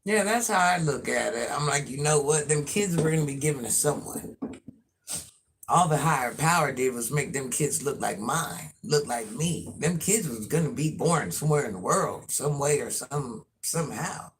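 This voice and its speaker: A man talking on a live stream in an even, middle-pitched voice, musing aloud and repeating phrases as he works through his thoughts. He rambles from one thing to the next and speaks to his viewers directly, as if they were sitting with him. His tone stays loose and conversational throughout. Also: moderate pace, slight background noise. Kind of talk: casual live-stream chat.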